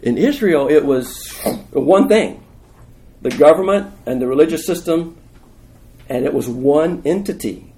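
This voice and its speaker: A man's voice: on the high side, animated, a little slow, mellow. A man preaching a sermon in a conversational, emphatic way, asking the listeners questions. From United States.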